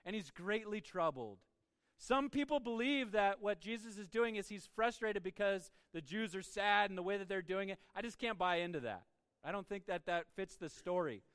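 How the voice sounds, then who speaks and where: Guy preaching, high smooth voice, chatty and laughing, dry mic but long hall tail. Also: animated, normal speed, fairly bright tone. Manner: conversational preaching with laughs and asides. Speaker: pastor. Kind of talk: sermon.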